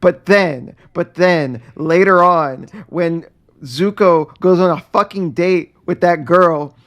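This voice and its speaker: A man chatting on a podcast, animated and swearing freely as he rants. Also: high voice, takes it slowly. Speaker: podcast co-host. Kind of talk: casual podcast chat.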